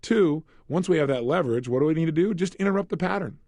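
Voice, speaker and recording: A man leading a self-help audio program, talking in an energetic, emphatic way and asking the listener rhetorical questions. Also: fairly high pitch, fast talker, no echo, clean studio sound. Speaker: motivational speaker.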